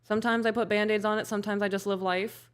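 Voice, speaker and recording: A woman's voice: mid-range voice, flat delivery, fast, clear, resonant tone. Chatty self-deprecating woman baking. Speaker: show host. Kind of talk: casual chat while baking on camera. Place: home kitchen.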